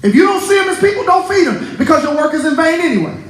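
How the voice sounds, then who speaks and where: A male pastor preaching a sermon to his congregation, animated and laughing often as he talks. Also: extremely high pitch, fast talker, reverberant, rough recording. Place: church sanctuary.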